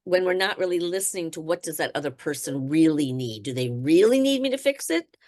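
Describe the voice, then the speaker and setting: A woman's voice: deep voice, animated, fairly quick, darkish tone. A woman trainer leading a group discussion in a conversational way, with many fillers, acting out example phrases.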